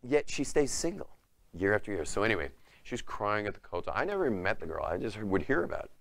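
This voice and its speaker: A middle-aged man, a rabbi, giving a talk and acting out the people in his story with lively delivery. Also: on the low side, quick pace, vocal fry. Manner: animated storyteller who acts out quoted voices.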